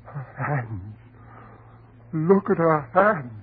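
An actor playing a tormented husband in a vintage radio drama, speaking with intense, theatrical emotion. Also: male voice, fairly high pitch, animated, very slow. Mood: frantic. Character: tormented husband, bitter then frantic. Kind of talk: 1940s radio acting. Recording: tinny old radio recording, faint hiss.

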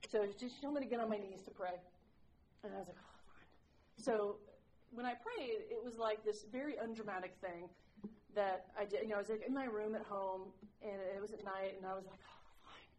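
A woman's voice: mid-range voice, fairly quick, a little mellow, rough recording. A woman sharing her recovery story with a group, candid and self-mocking, rambling with lots of "like"s. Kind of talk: personal recovery share to a group.

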